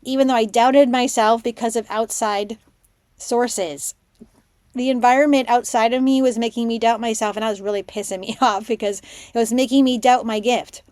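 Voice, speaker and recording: This excitable Canadian podcaster and spiritual mentor has a higher voice and speaks at a moderate pace. In her casual solo show she tells stories eagerly, lowering to a whisper for her private thoughts. The recording is dry.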